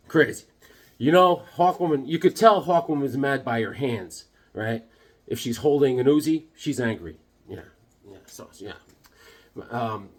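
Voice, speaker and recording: A man's voice: mid-range voice, husky. A man chatting casually in a vlog, rambling and joking as he shows off his comic collection at home. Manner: rambling, jokey, loose.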